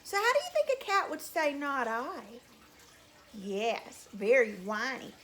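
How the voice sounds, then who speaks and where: Slow, sing-song woman reading a children's story. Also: high-pitched, very animated, a bit bright. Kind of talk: children's story time narration.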